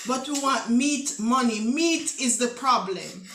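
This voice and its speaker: A woman's voice: fairly high pitch, expressive, unhurried, hardly any pauses, fairly bright tone. A woman, a mother and family vlogger, playing a prank on her kids for the camera with theatrical, mock-desperate pleading. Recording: echoey room.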